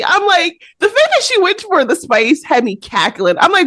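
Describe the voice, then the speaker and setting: A woman co-hosting a podcast, telling a story in a lively, animated way and laughing often. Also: high voice, unhurried, no room sound, clean studio sound. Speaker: podcast co-host. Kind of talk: casual chat.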